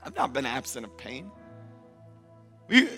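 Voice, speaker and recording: A male pastor preaching a sermon in a rhythmic, repetitive cadence, swinging from loud emphatic declarations to hushed, intimate asides. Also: medium pitch, big pitch swings, a little slow, faint music behind.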